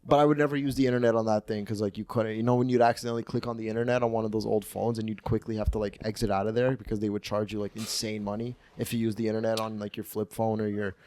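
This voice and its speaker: A man's voice: on the low side, level tone, rapid-fire, few pauses, a little mellow, no echo. Crude, rambling young man. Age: 20s. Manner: crude, profane, rambling storytelling. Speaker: podcast host. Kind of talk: casual comedy podcast chat.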